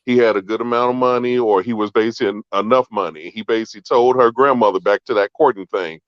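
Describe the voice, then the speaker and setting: Man, low voice, earnest caller, practical storytelling, dry dull sound. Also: quick pace, few pauses, no echo. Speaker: caller on a talk show. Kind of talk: casual storytelling discussion.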